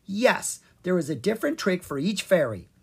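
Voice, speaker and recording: A reader putting on a keen young pixie for a storybook, pitched high with lively, leaping lines. A breathy huskiness sits under the voice. He is earnest and a little flustered. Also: moderate pace, exaggerated voice. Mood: eager, flustered. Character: young male royal pixie, eager but new at his job. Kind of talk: children's audiobook reading.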